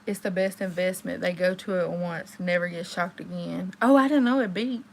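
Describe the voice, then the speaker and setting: A young woman, hosting a casual livestream and chatting with viewers, telling stories and jumping into high exclamations. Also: normal speed, creaky, slight background noise. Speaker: livestream host.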